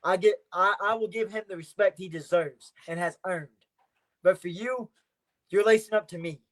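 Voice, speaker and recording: A man's voice: high voice, normal speed. A man, a professional wrestler guest on a podcast, trash-talking his rivals in a boastful way and repeating his points. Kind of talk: casual podcast interview.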